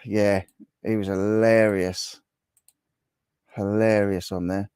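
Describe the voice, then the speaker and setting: A man, probably in his thirties or forties, hosts a relaxed livestream from home, chatting, laughing a lot, and reading viewers' comments out loud. His voice is lowish, slow, and slightly mellow, with little pitch movement, and the recording is clean, echo-free, and studio-quality.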